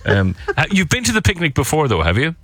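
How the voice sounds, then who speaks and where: Fast-talking Cork man hosting breakfast radio. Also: a little high, huge pitch swings, fairly bright tone, no echo, soft background music. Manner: quick, jokey, upbeat. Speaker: radio breakfast show host.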